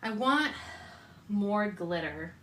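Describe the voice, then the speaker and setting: A woman's voice: mid-range voice, animated, slow, a bit bright, a little hiss or hum. A woman hosting a live stream, chatting upbeat and casually with viewers while making slime.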